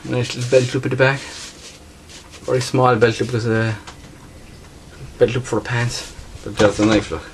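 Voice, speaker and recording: A man's voice: medium pitch, flat delivery, moderate pace, long pauses, background noise. A man with a strong regional accent, chatting casually through an unboxing as a bushcraft vlogger and repeating himself often.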